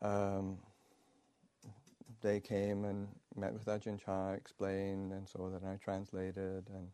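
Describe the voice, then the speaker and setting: Male monk, dharma talk anecdote, low warm voice, halting with fillers, dry close sound. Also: monotone, clean tone, no echo. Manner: halting, many pauses and fillers, chuckling storyteller. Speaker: Buddhist monk telling a story.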